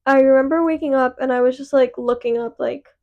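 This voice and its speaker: A young woman co-host with a high voice and a gravelly fry, telling stories in a loose, chatty way. The recording sounds a little dull and lo-fi. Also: steady tone, fairly quick. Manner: chatty storytelling with many "like" fillers. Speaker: podcast co-host. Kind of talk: casual chat.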